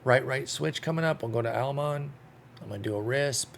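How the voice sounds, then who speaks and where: A man's voice: mid-range voice, a little fast, creaky, a little hiss or hum. A young man commentating his own baseball sim game, thinking aloud, getting frustrated and swearing. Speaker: gaming YouTuber. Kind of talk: live commentary while playing a baseball sim.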